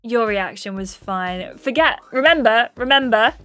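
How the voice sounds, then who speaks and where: A woman's voice: on the high side, lively intonation, measured pace, a bit bright, soft background music. A woman streaming a story game, reading its dialogue aloud and chatting with her viewers, often apologizing for her slips.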